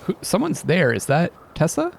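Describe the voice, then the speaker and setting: A man doing relaxed gameplay commentary, thinking out loud in a chatty way. His voice is gravelly, and his pitch swings widely as he talks. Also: moderate pace, slight background noise. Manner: chatty, muses aloud, wonders about pronunciation. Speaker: let's play host.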